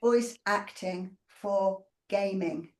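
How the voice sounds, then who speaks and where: A woman's voice: mid-range voice, very slow, darkish tone. A woman chatting casually during a workout session and asking curious questions. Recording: roomy echo.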